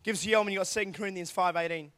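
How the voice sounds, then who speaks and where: A male youth preacher with a strikingly high voice delivers a lively sermon. He drops to quiet asides and then builds to shouted lines, acting out scenes as he goes. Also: racing. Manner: animated, acts out angels' voices, swings from quiet asides to shouts. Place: church youth hall.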